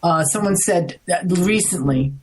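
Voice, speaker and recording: A middle-aged woman from the United States, a guest in an interview, telling a story in an animated, rambling way, restarting often. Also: fairly low pitch, unhurried, poor audio. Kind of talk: casual storytelling.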